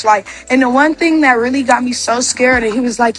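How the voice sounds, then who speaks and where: A young woman speaks in a bright, high register, spilling out a personal story in loose storytime fashion. Her sentences are padded with "like" and restart often. Faint music sits underneath. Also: steady tone. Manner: rapid, filler-heavy with constant "like". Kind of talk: casual storytime.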